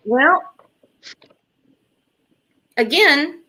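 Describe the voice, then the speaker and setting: Brief: woman host, mid-pitched, blunt, hammers points by repeating. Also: expressive, unhurried, sharp tone. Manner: blunt, emphatic, repeats herself. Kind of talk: casual chat.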